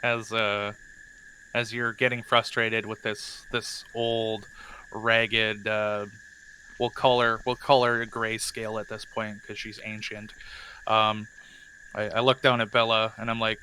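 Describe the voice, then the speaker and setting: Brief: hesitant male player, bright tone, slow and deliberate. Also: lowish voice, little pitch movement, slight background noise, rough recording. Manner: slow, hesitant, many fillers. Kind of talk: tabletop game play.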